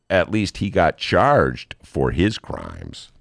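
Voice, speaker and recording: Sarcastic man with a gravelly, lively voice. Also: low voice, slow, no room sound, clean studio sound. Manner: sarcastic, riffing, reads quotes aloud. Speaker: host. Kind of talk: comedic political monologue.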